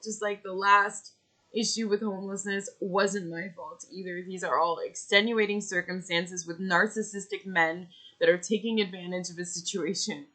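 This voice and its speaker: A woman's voice: fairly low pitch, bright, forceful tone. A woman in her thirties with older children, ranting angrily to camera about losing her home, swearing often and venting in bursts. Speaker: vlogger. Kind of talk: angry personal rant to camera.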